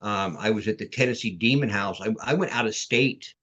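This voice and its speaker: Podcast guest, man, mid-pitched, casual and rambling, repeats and restarts, on a video call. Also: a little fast, fairly bright tone, breathy edge, highs cut off. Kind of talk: casual storytelling chat.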